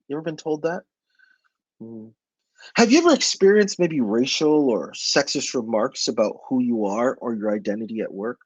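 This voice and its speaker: A man presents to an online audience in a slightly husky voice, pressing his points with emphasis. He keeps turning to rhetorical questions. His voice sounds close and dry, with no room around it. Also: mid-range voice, animated, normal speed, a little mellow, no echo, rough recording. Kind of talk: motivational webinar talk.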